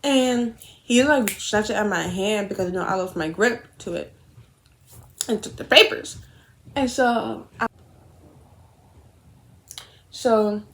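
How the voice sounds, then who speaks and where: While doing her makeup, a young woman tells a rambling, animated story, swearing frequently and correcting herself along the way. Her medium-pitched voice moves at a slow pace with long pauses.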